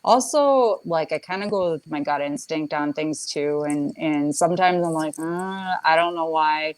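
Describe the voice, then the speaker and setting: A slightly low-pitched woman chatting about staging homes for sale. She talks hesitantly, with restarts and fillers. She is heard over a phone on a video call. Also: measured pace, no room sound, low-quality recording. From Minnesota. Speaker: home stager and photographer. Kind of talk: casual live chat.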